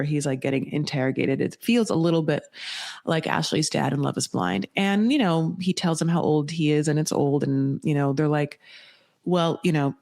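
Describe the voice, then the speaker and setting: A woman's voice: low voice, gravelly, a little mellow. Blunt, profane woman recapping reality TV. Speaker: podcast host. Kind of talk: casual reality-TV recap commentary.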